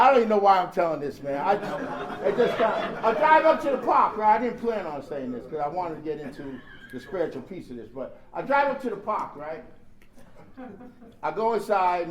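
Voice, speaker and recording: High-voiced man, animated comic storyteller, sharing at a recovery convention in a reverberant hall. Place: large convention hall with audience. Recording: echoey hall with audience laughing. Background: crowd laughing.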